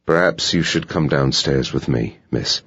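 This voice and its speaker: A man's voice: extremely low pitch, a little slow, a bit bright, slightly rough, highs cut off, heavily acted. A man reading an audiobook, voicing a big security guard who speaks sternly and suspiciously.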